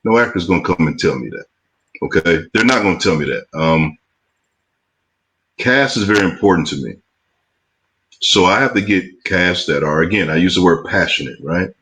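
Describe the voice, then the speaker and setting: Blunt, low-voiced male producer. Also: lively intonation, a bit bright, poor audio. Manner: blunt, emphatic, drawn-out asides. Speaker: film producer and host. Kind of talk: casual chat.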